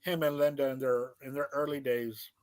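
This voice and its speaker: A man's voice: medium pitch, little pitch movement, moderate pace, darkish tone. A man co-hosting a podcast in casual chat, thoughtful and a little hesitant. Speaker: podcast co-host.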